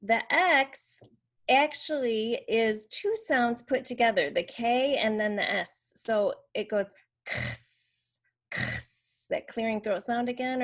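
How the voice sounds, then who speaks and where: A woman explaining and demonstrating letter sounds for teaching children, modelling each sound. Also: fairly high pitch. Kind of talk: instructional explanation.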